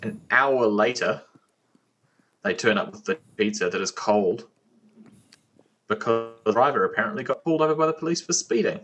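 A man's voice: mid-range voice, moderate pace, long pauses, a bit bright. A man, co-hosting a casual podcast chat in a blunt, profane way over an online call. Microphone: online call mic.

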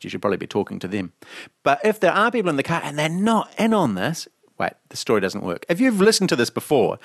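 A podcast co-host chats casually, rambling through stories and laughing often. His voice sits on the high side and is creaky, recorded in a clean studio with no room sound.

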